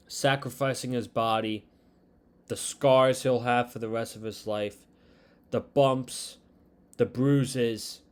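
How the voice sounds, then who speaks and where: A man casually recapping a wrestling show, retelling scenes and quoting lines in a slow, unhurried way. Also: mid-range voice.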